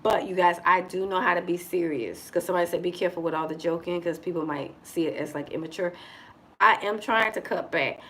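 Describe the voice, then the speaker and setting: Expressive joking woman chatting live. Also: on the low side, a little fast, slight background noise, low-quality recording. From United States. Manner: expressive, joking, addresses viewers as y'all. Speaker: vlogger living abroad. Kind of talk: casual livestream chat. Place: indoors in Dar es Salaam.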